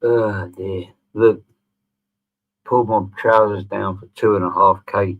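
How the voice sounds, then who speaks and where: A man's voice: on the low side, fairly even intonation, measured pace. A middle-aged man, hosting a sarcastic response video, sneering and swearing freely. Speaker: channel host. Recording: tinny phone-like audio.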